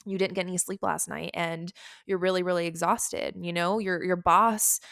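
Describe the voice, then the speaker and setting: A woman's voice: lowish voice, fairly even intonation, normal speed, creaky, fairly bright tone, no room sound, studio quality. A woman in her thirties hosting a solo podcast, talking candidly and rambling, swearing casually. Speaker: podcast host.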